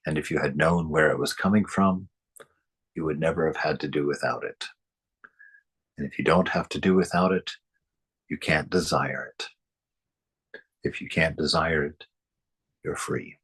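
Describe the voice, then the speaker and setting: Low husky-voiced man teaching. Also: fairly bright tone. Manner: emphatic, repeats phrases, chuckles often. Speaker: spiritual teacher reading and commenting. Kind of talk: book reading with commentary.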